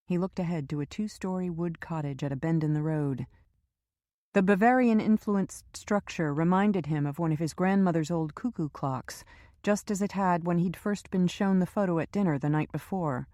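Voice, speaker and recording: A woman with a low voice narrates an audiobook from a script, telling the story in a measured, steady way. The recording is dry and of studio quality.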